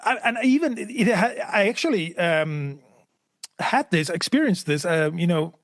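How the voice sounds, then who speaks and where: A man co-hosting a podcast in casual conversation. His voice is high for a man and recorded dry, with no room sound. He speaks haltingly and repeats words as he searches for them. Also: expressive, no echo. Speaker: podcast co-host. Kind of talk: casual chat. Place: lives in Europe.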